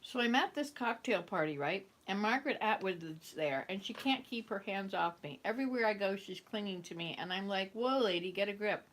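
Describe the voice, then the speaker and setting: Brief: a chatty woman host reading aloud, mid-pitched, stumbling and correcting herself between bites. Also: lively intonation, brisk, few pauses, a bit bright, a little hiss or hum. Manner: talks around a cookie. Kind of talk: casual read-aloud.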